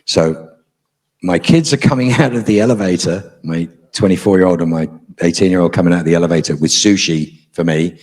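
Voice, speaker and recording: A man's voice: low-pitched, brisk, a little mellow. A middle-aged man, a guest on a convention panel, telling a story to a live audience in a frank, profane, dryly humorous way.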